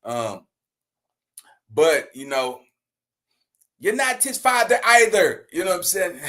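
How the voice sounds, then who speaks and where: A man giving casual, slangy reaction commentary, laughing often and breaking into loud bursts. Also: sits high, sing-song, slow pace, pauses often.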